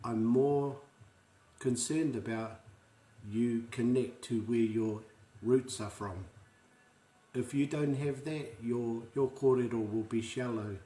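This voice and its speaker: A man's voice: medium pitch, steady tone, slow, mellow, reverberant. A man with a New Zealand accent teaching pronunciation in an online lesson, patiently repeating each word for learners to say after him. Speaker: language teacher.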